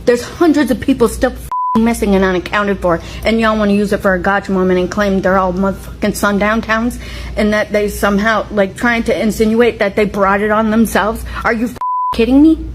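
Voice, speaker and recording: A woman rants in fury and swears freely. Clear background noise surrounds her voice. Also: medium pitch, fairly even intonation, fairly quick. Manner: furious, profane. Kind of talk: angry rant to camera.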